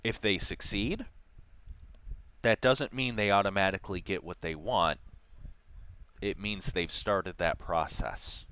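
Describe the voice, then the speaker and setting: A man's voice: sits low, bright, forceful tone, clear, resonant tone, muffled recording. A man chatting on a livestream about running tabletop games, telling stories with wry asides. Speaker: game master streaming a talk on game design. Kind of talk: casual livestream talk.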